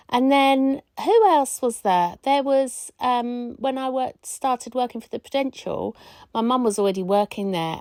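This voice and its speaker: Middle-aged woman hosting her own podcast, reminiscing with loose asides, mid-pitched voice, dry recording. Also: a little mellow, no echo. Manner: rambling, reminiscing storyteller with many asides. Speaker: podcast host. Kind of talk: casual solo podcast monologue.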